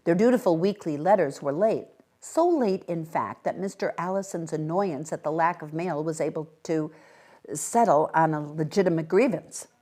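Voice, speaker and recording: A woman reading a short story aloud at a library event, with expressive, animated delivery. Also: sits low, moderate pace. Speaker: guest reader.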